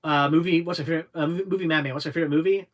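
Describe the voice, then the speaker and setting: A young adult man with a somewhat higher-than-average voice chats casually through a livestream. He reads viewer questions aloud, then answers in a loose, rambling way, full of restarts and halting pauses. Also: steady tone. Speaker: livestream host answering chat.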